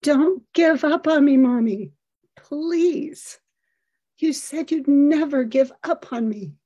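A woman's voice: high voice, slow pace, dark tone, dull audio. A woman voicing her young son as a small boy, in a raised, pleading child's voice within a spoken story. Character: young boy, scared then joyful, the narrator's son.

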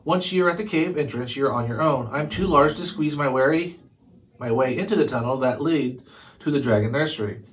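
A man voicing Goober the Belch, a huge, loud male Viking drill instructor who barks commands. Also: medium pitch, normal speed, natural voice. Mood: commanding. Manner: bellowing commands.

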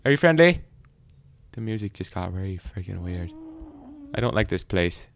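A young man giving jumpy, frightened let's play commentary, often breaking into loud exclamations. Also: deep voice, big pitch swings, moderate pace, vocal fry, a little hiss or hum. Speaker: gaming YouTuber.

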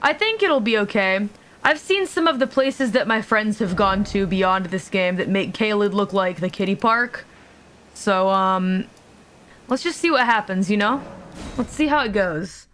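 A woman's voice: mid-range voice, lively intonation, a little slow, fairly bright tone. Playful swearing woman streaming a game. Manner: playful, joking, swears freely; chatty asides to the audience. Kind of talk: casual live-stream commentary.

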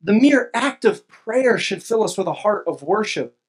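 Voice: mid-range voice, expressive, moderate pace, husky. A pastor preaching a sermon, reading scripture aloud at length and rising to impassioned, emphatic exclamations.

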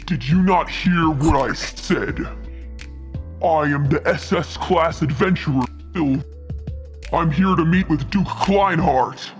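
A woman's voice: low voice, slow, soft background music, pitched below the performer's own voice. Woman putting on a haughty male adventurer. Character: arrogant swaggering male adventurer.

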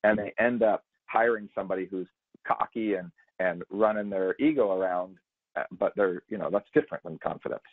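A man's voice: lowish voice, brisk, no echo. A man guest on a podcast, explaining sales talk and acting out example lines, heard over a tinny, dry line. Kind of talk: podcast conversation.

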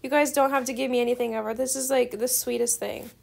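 Young female student gamer, gushing and excitable; high-pitched with a gravelly fry. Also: quick pace. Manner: gushing, effusively grateful, giggly. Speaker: gaming video creator. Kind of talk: excited gameplay commentary.

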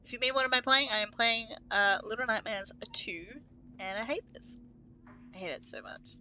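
A woman's voice: on the high side, normal speed, sharp tone, slight background noise, rough recording. A young woman live-streaming a horror game, chatting to her viewers, swearing freely and shrieking at scares. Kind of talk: casual live-stream commentary.

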